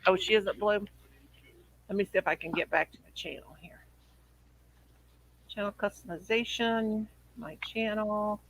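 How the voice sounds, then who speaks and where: A woman's voice: mid-range voice, steady tone, measured pace, long pauses, a bit bright, low-quality recording. A woman hosting a casual livestream, chatty and teasing. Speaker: livestream host.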